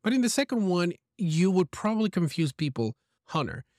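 A man's voice: high voice, expressive, brisk, darkish tone, dry recording, studio quality. A man hosting an English lesson, giving encouraging feedback on a listener's message and explaining pronunciation with examples. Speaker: English teacher and podcast host.

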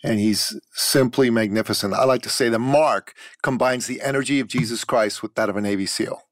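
A man's voice: mid-range voice, no echo. Man hosting a podcast, dry sound. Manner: measured, full of praise for a guest. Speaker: podcast host. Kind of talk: interview hosting.

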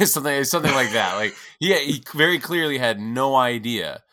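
A man co-hosting a podcast who tells stories in a quick, animated way, laughing as he goes. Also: medium pitch, dry recording, studio quality. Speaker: podcast co-host. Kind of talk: casual podcast chat.

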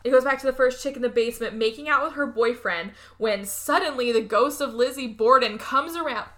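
A woman co-hosts a casual podcast chat, recapping a movie and animatedly acting out characters' lines in lots of voices. Her voice is on the high side, and she talks fairly quickly.

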